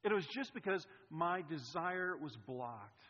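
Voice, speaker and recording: In a church sanctuary, a male pastor preaches a sermon built around a personal story, animated and swinging between loud outbursts and hushed asides. His voice is a bit high and husky, and a little slow. Long hall reverb fills the dull-sounding recording.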